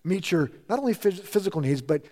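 High-voiced preaching man in a reverberant hall. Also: expressive, a little fast, warm tone. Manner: emphatic preaching with repeated lists and rising emphasis. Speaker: pastor. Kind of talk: sermon.

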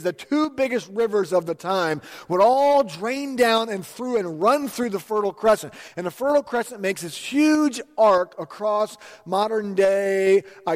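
A man preaching a sermon in a church, telling a story with amused, chatty energy. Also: high-pitched. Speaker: pastor. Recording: long hall reverb.

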